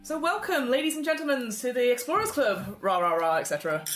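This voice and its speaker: A woman's voice: on the high side, lively intonation, fast, echoey room, loud music behind the voice, voice pushed up, natural voice. A woman game master playing a pompous, jolly male earl who hosts a club party, giggling and fussing over his guests.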